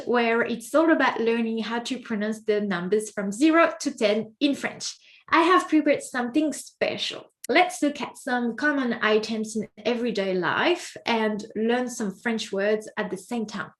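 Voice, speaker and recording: A woman teaching a French pronunciation lesson, patiently repeating each word and asking the listener questions. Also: on the high side. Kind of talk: slow, careful pronunciation lesson.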